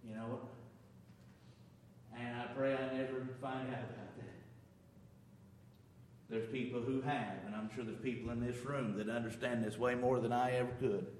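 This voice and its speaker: A man's voice: medium pitch, a little hiss or hum. Man preaching in an echoey hall. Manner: dynamic preaching, swinging from loud emphasis to quiet asides. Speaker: pastor. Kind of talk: sermon.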